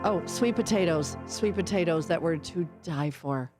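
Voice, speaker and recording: A woman's voice: on the low side, moderate pace, music in the background. Mock-dramatic woman radio co-host. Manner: over-the-top mock-dramatic, playful. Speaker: radio morning show co-host. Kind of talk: casual chat, comic storytelling. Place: radio studio.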